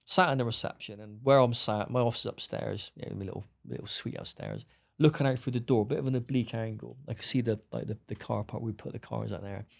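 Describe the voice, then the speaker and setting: A man's voice: medium pitch, fast talker, creaky. A middle-aged man, bluntly telling his story as a podcast guest and acting out the dialogue. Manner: blunt, swearing, acts out dialogue. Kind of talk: storytelling interview.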